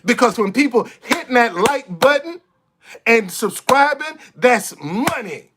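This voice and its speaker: A man venting straight into his camera in a blunt, foul-mouthed rant. He hammers the same phrases again and again and trips over quick restarts when heated. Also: very high voice, sing-song, noisy background. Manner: blunt, profane, repeats himself for emphasis; stammers and restarts when fired up. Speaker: vlogger. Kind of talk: impassioned monologue to camera.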